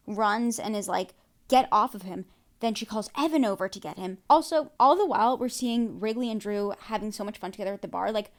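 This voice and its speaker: A woman hosting a podcast, recapping a TV episode in casual chat, reacting excitedly with lots of fillers. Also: mid-range voice. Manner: excitable, reacts loudly with gasps and exclamations; chatty, many "like" and "um" fillers. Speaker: podcast host.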